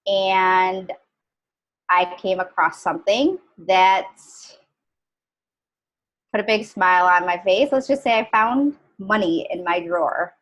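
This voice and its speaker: A young adult woman telling a personal story in a halting, casual way, with many pauses and fillers. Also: medium pitch, poor audio. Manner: halting, many ums and restarts. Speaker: guest sharing a story.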